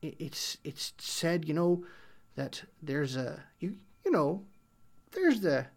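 A man voicing a nervous, kindly tavern local who stammers and talks in a folksy way, sometimes dropping to a hush. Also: on the high side, very animated, slow, gravelly, heavily acted. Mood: wary.

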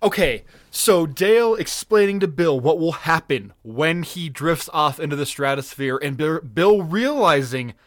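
Brief: higher-pitched male podcast co-host, excitable and foul-mouthed, dry close mic. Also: a little slow, few pauses, no echo. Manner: profane, excitable, laughs often. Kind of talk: casual episode recap.

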